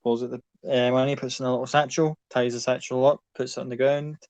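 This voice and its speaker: A man's voice: mid-range voice, little pitch movement, quick pace, darkish tone, dry recording. A man runs a tabletop game with loose, casual narration. He swears freely and keeps things moving. The sound is dry and close. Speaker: game master.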